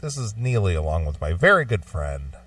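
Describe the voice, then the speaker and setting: A man hosting a talk show, wrapping up the episode and introducing a song in a relaxed way. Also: low-pitched, fairly quick, dry recording, far from the mic. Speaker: radio show host. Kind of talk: casual show sign-off.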